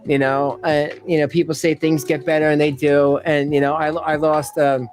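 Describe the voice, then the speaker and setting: A man's voice: on the high side, level tone, normal speed, darkish tone, soft background music, poor audio. A man hosting a casual livestream, rambling, interrupting himself and laughing often as he reads chat aloud. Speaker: livestream commentary host.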